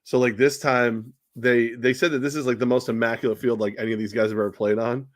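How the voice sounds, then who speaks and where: A man's voice: mid-range voice, steady tone, quick pace, no echo, studio quality. Teasing male sports show host. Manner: teasing, rambling with fillers. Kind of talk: casual sports chat.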